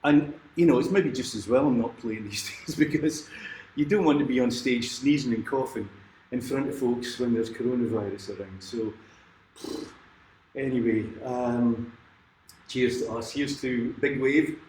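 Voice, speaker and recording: A man's voice: medium pitch, moderate pace, darkish tone, a little hiss or hum. A man, a folk singer hosting his own livestream, chatting between songs in a rambling way and chuckling often. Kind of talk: casual chat between songs. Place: at home during lockdown. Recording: roomy echo with guitar playing.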